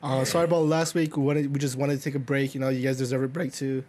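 A man's voice: mid-range voice, little pitch movement, quick pace, a little mellow. A young man co-hosting a podcast, telling rambling stories in casual chat and swearing a lot. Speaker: podcast co-host.

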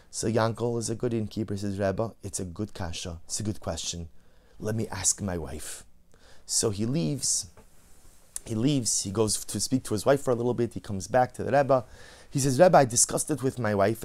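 A man giving an animated Torah sermon, telling a story and acting out the voices in it with emphatic rises. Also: mid-range voice. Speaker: rabbi giving a Torah lecture.

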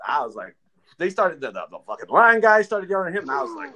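Brief: lively man co-hosting, jumpy intonation, swears through his war stories. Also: medium pitch, a crowd in the background. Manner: animated, swearing, quick to react. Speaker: podcast co-host, veteran. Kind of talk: casual storytelling chat.

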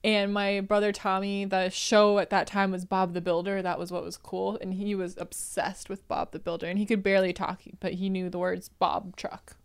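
A woman's voice: medium pitch, level tone, normal speed, hardly any pauses, clean tone. A woman guest on a podcast telling family stories in casual chat, laughing often as she goes. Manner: laughs often, giggly storytelling. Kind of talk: casual storytelling.

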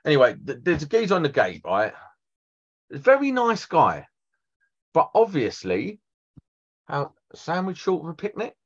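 Sweary man, lively storytelling. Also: a little high, moderate pace, pauses often, husky. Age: 40s. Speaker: electrician guest on a trade podcast. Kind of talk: casual chat. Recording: dull lo-fi podcast audio.

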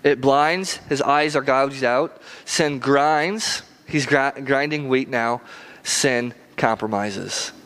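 A man's voice: mid-range voice, slow, fairly bright tone, smooth. A male preacher giving a casual sermon, conversational, with rhetorical questions and slangy asides.

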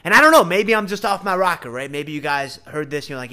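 A man's voice: a little high, quick pace, few pauses. A man with a Southern US drawl hosting a podcast, talking earnestly and casually about faith straight to his listeners. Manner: earnest, animated, addresses listeners directly. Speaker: podcast host.

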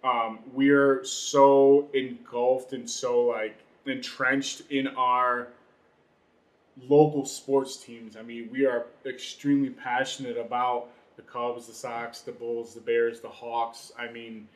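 Man from Chicago, casual sports co-host, animated, echoey room. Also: takes it slowly. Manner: animated, mimics people in high voices. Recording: roomy echo.

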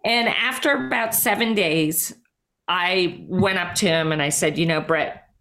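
A middle-aged woman with a somewhat low-pitched voice tells a story as an interview guest. She speaks emphatically and lively, scattering "like" through her sentences and acting out her own thoughts. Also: unhurried. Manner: emphatic, lots of "like" and quoted self-talk. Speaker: guest, former triathlete and life coach. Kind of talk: animated personal storytelling.

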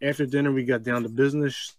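A man co-hosting a comedy podcast, reading a strange story aloud, breaking off for deadpan asides and laughing mid-sentence. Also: mid-range voice, quick pace, dry recording. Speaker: podcast co-host.

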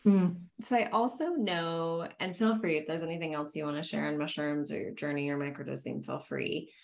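A woman's voice: sits low, fairly even intonation, fairly quick, vocal fry, darkish tone. A woman hosting a podcast, telling personal stories in an earnest, reflective way. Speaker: podcast host. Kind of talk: casual podcast conversation.

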